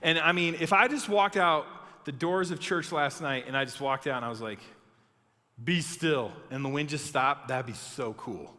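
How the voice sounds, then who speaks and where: A young man preaching a youth sermon, reading a Bible story and acting it out with animated voices. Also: a little high, moderate pace, long reverb tail. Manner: animated, acts out the story with shouted quotes. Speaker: youth pastor.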